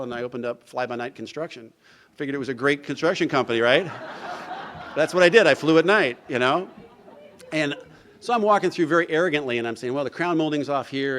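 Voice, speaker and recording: A man's voice: mid-range voice, a bit bright. A middle-aged man from New Jersey giving a recovery talk, telling his story and acting out the dialogue, with frequent "you know" asides. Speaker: recovery speaker. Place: event hall.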